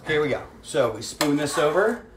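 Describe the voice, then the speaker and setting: A woman's voice: low-pitched, sing-song, moderate pace, very noisy. Chatty woman hosting a cooking show. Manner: chatty storyteller, greets viewers by name, calls audience kids. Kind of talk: casual livestreamed cooking demo. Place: home kitchen.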